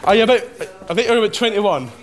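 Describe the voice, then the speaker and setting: Fast-talking man, hesitant. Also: high-pitched, lively intonation. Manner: hesitant, awkward, repeating what he is told. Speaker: housemate repeating prompted lines. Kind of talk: casual chat. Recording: chatter of other people around him.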